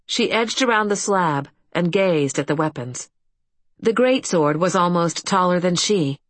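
A woman narrating an audiobook in a steady, even storytelling manner. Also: on the low side, unhurried, no room sound. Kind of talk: scripted fantasy narration.

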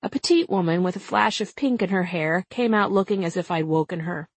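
A woman's voice: lowish voice, brisk, no echo. A woman in her thirties narrating her memoir as an audiobook, wry and conversational.

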